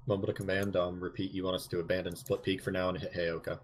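Brief: male air leader, quick flat delivery, radio-style call signs. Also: low voice, a little hiss or hum. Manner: formal call-sign radio talk. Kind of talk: radio-style game comms.

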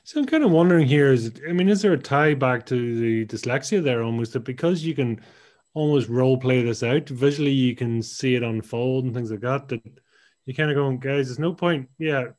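A man's voice: medium pitch, fairly quick, a little mellow. A man hosting a podcast interview, probing with questions and thinking aloud, sometimes acting out little scenes. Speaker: podcast host. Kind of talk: conversational interview.

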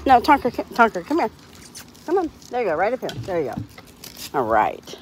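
A woman's voice: fairly high pitch, wildly swooping pitch, moderate pace, slight background noise. A woman hosting a casual livestream, talking cheerfully to her dogs and laughing often. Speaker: dog owner hosting a livestream.

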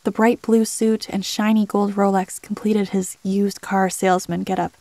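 A woman narrating a first-person horror story in a measured, scripted delivery. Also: medium pitch, level tone, dark tone, dry recording.

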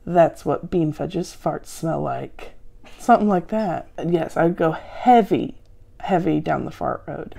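Gravelly low-voiced woman, dry and sarcastic. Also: expressive, slow, warm tone, a little hiss or hum. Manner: dry, sarcastic, self-mocking. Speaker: show host answering viewer questions. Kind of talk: deadpan comedic Q&A. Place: at home.

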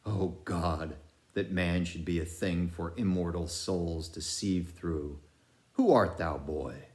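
A man's voice: deep voice, slow, a little mellow. A man voicing an obsessed old sea captain who speaks in archaic, declamatory sentences. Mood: brooding.

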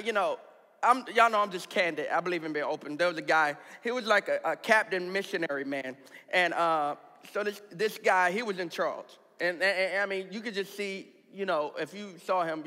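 Pastor guy telling a funny story, sharp bright tone, echoey big church. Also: high voice. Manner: candid, comic, animated storytelling with laughter. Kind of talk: storytelling sermon. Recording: reverberant hall sound.

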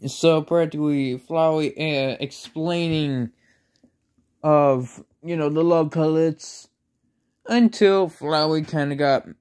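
A man's voice: on the high side, takes it slowly, darkish tone, smooth. A man casually telling a made-up fan story, rambling with lots of filler words and self-conscious asides.

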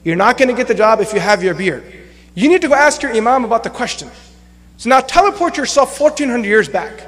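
A young imam with a high-pitched voice delivers a sermon, speaking a little fast in an animated, conversational way and slipping into acted-out quotes for laughs. His voice rings through a mosque hall with a long reverb tail.

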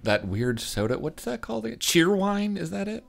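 A man co-hosting a podcast in a casual, animated way, laughing often and throwing in jokey asides. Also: sits high, normal speed, creaky. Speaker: podcast co-host. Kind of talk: casual chat.

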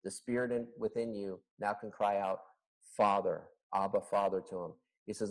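A pastor teaches a Bible study over a video call, his male voice fairly low, gravelly and steady at a moderate pace. The online recording is rough, and his teaching is earnest and conversational, full of rhetorical questions.

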